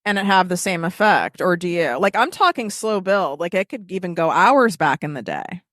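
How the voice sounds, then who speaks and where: A woman's voice: lowish voice, lively intonation, moderate pace, fairly bright tone, no echo. Chatty woman podcaster, dry sound. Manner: chatty, filler-heavy storytelling with frequent "like". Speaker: podcast co-host. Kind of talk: casual chat.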